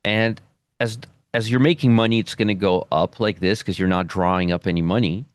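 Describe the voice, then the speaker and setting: A man's voice: on the low side, fairly even intonation, fairly quick, smooth, no echo. A man teaching a trading lesson at a whiteboard, emphatic, repeating phrases and checking in with "okay?". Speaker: trading educator.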